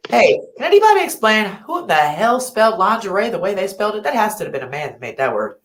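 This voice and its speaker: A woman's voice: medium pitch, very animated, fast talker, a little hiss or hum. A woman hosting a late-night livestream from home, rambling, laughing and getting drowsy. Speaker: livestream host. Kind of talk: late-night casual chat. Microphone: laptop or phone mic. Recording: echoey room.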